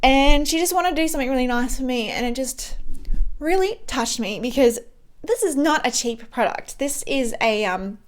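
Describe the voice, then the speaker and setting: A young beauty vlogger with a high voice and lively intonation speaks at a normal speed. Doing her makeup at home, she rambles through a chatty get-ready-with-me life update, full of fillers and restarts.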